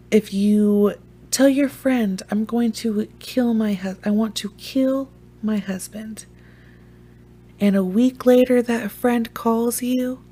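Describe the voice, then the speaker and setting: A young woman casually telling a funny, profane story as a vlogger. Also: mid-range voice. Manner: animated, profane, joking.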